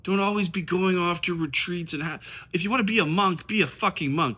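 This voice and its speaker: A fairly high-voiced man rants about dating straight to camera, his pitch jumping all over the place. His tone is bright and forceful, and he swears freely as he rambles on passionately. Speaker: dating coach. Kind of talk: casual vlog rant to camera.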